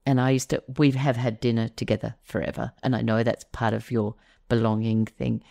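A woman's voice: very deep voice, little pitch movement, a little fast, creaky, mellow. A middle-aged woman, hosting a podcast and chatting casually with many fillers. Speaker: podcast host. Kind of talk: casual conversation.

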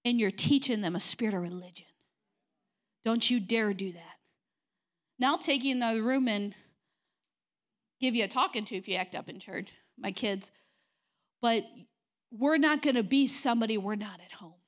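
A woman's voice: on the high side, normal speed, pauses often. A middle-aged woman pastor preaching a sermon in church, blunt and confrontational, acting out mocking quotes. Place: church sanctuary.

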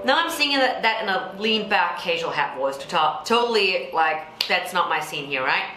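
A woman vocal coach with a low contralto voice, explaining technique and breaking into sung examples. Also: sing-song, moderate pace, sharp tone, a little hiss or hum. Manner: explains then sings example lines. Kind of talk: singing tutorial with sung demonstrations. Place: Singapore. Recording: echoey room with faint music.

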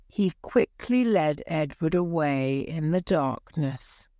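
A woman reading a graded-reader audiobook slowly and carefully, raising her voice for shouted lines. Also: on the low side, clear, resonant tone, no room sound, clean studio sound. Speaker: narrator.

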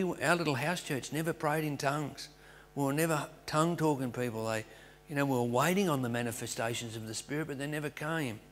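A man's voice: mid-range voice, big-room sound, a little hiss or hum. A middle-aged Australian pastor telling his personal testimony in a storytelling way, mocking himself and acting out his past thoughts. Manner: storytelling, self-mocking, animated retellings.

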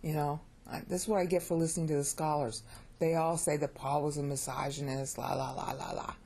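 A middle-aged American woman with a low, husky voice teaches Bible Greek in a chatty, animated way. Her tone is warm and mellow, and it jumps up whenever something excites her. She keeps asking her viewers "okay?" and pokes fun at her own pronunciation. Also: a little fast. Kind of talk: casual video lesson.

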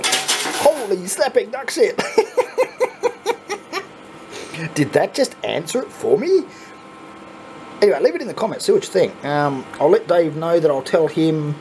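An Australian man hosting a coin pusher channel, chatting casually and swearing when excited as he plays. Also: a little high, vocal fry, a little hiss or hum. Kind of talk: casual commentary while playing. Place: arcade coin pusher machine.

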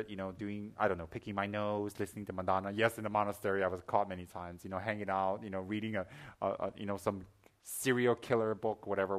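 A man teaching as a Buddhist teacher in a Dharma talk, mixing teaching with lively personal stories, joking asides and acted-out gasps. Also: fairly low pitch. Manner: lively storyteller, acts out gasps and shouts.

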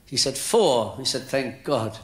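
An older Irish man telling jokes on stage in lilting, theatrical stand-up storytelling that builds to loud punchlines. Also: medium pitch, expressive, a little slow. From Ireland. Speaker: stand-up comedian. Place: hotel function room with live audience. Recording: roomy live hall with crowd.

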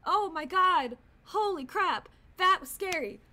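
High, bright-voiced jumpy woman streamer. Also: lively intonation, measured pace. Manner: jumpy and easily startled, gasping and swearing. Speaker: streamer playing a horror game. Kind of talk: live game commentary.

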